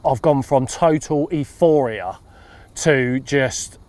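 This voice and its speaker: A man, a fishing consultant telling a funny anecdote in a lively storytelling way. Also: medium pitch, takes it slowly. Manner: lively storyteller, acts out what people said.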